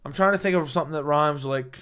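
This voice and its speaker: A young man hosting a casual fight-talk livestream, excitable and rambling, swearing often, with a voice he says is going hoarse. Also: on the high side, fast. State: losing his voice. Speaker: MMA livestream host. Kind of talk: casual livestream chat reading chat.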